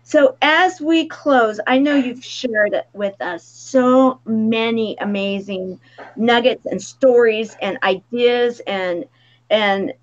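A woman's voice: a little high, slow. Effusive woman host on a dull line. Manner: effusive, grateful, gushing praise. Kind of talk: live show interview.

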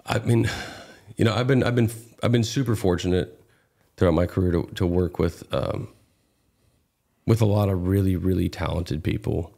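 A man's voice: low-pitched, moderate pace, creaky, mellow. A man in his thirties, a guest actor, talking casually in an interview with many fillers and restarts.

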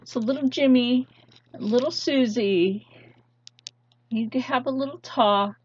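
A woman's voice: on the high side, unhurried, a little hiss or hum. A woman hosting her own channel, delivering an impassioned, pleading vlog rant with heavy emphasis. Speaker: channel host. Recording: dull lo-fi sound.

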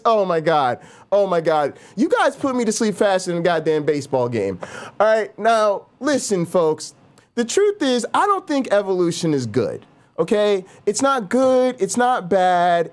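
A man who works as an evolutionary biologist, a guest on a live call-in stream, ranting in an exaggerated, sarcastic, comedic way. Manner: animated, exaggerated and sarcastic, with big swings in pitch.

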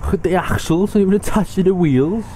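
A man's voice: sits high, fairly quick, warm tone, a little hiss or hum. A young man giving let's play commentary on a driving game, exclaiming and laughing often. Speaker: gamer.

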